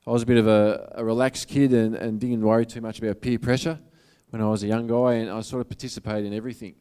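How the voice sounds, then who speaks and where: A man's voice: mid-range voice, level tone, fast talker, dark tone, clear, resonant tone. A man with an Australian accent giving a motivational talk to an audience, in a casual, earnest, conversational way. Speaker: motivational speaker.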